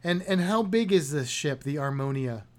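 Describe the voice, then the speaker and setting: A man's voice: fairly high pitch, expressive, moderate pace. A man co-hosting a podcast, talking in a chatty, rambling, joking way. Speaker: podcast co-host. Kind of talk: casual podcast chat.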